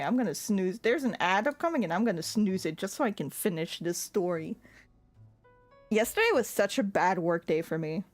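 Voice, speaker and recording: A young woman telling a story in casual chat, laughing often and filling her talk with "like.". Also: mid-range voice. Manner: animated, laughs often, lots of "like" fillers; swears when annoyed. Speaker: streamer.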